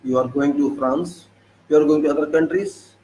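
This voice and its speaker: A man's voice: a little high, moderate pace, dark tone, a little hiss or hum, rough recording. A man with an Indian English accent delivering an indignant political monologue, firing off rhetorical questions and repeating himself for emphasis. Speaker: political commentator. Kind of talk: monologue commentary.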